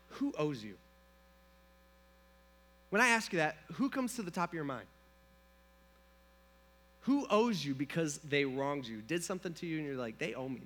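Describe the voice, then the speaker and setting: A man's voice: on the high side, bright, forceful tone. A man preaching a sermon in a casual, storytelling way, full of fillers and acted-out quotes. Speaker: pastor.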